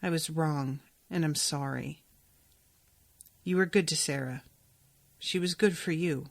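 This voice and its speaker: A woman reading aloud the lines of a gentle, dying older woman who apologizes and gives loving advice. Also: low voice, unhurried, vocal fry, no room sound. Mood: tender. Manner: soft, reading aloud from a novel.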